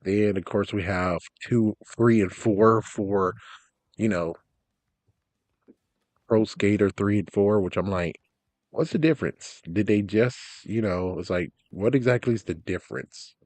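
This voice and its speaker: A young man casually commenting on game announcements, rambling, ranting loudly at times and then trailing off into mumbles. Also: fairly low pitch, steady tone, a little slow, no room sound. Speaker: gaming vlogger.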